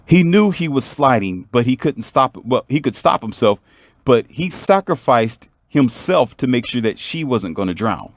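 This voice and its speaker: Man vlogger, mid pitch, emphatic preachy storyteller, dry sound. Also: very animated, normal speed, no echo. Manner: emphatic, preachy, talks straight to the viewer. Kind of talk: motivational storytelling monologue.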